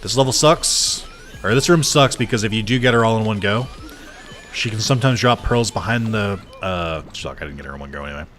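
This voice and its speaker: A man's voice: on the low side, brisk, fairly bright tone, soft background music. A man chatting casually while streaming a game, swearing freely and answering his chat. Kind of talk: casual gameplay commentary.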